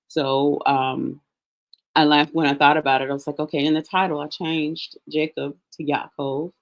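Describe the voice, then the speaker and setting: Low-voiced woman teaching scripture casually. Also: flat delivery, moderate pace. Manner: conversational, explains Hebrew names step by step, many restarts and asides. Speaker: Bible study teacher. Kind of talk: casual Bible reading and teaching.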